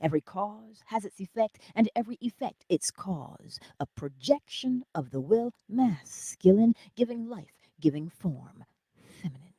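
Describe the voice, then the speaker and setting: A woman hosting a morning inspiration stream, giving an animated motivational talk that moves between loud cheering and soft whispers, laughing often. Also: mid-range voice, a little slow, slightly rough, no room sound.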